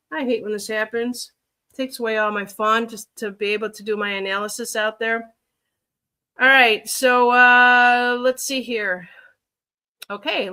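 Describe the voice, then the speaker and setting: Chicago woman hosting a loose livestream, bright tone, lots of ums and thinking aloud. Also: on the high side, smooth. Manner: rambling, thinks aloud with many fillers. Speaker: livestream reader. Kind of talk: casual livestream chat.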